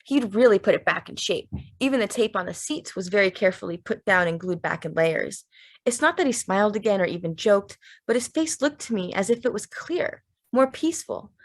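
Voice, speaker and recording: A woman narrating a literary audiobook in a steady, measured, plain way. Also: medium pitch.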